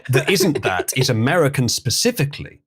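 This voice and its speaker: A man's voice: medium pitch, big pitch swings, a little fast, husky. A man hosting a casual livestream, dry and teasing in his remarks. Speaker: stream host.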